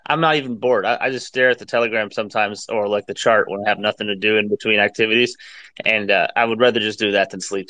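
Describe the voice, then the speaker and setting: A man with a low but bright, forceful voice talks eagerly on an online call. He stammers a little as sentences start. The recording is dry. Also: no echo. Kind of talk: casual chat on an online audio call.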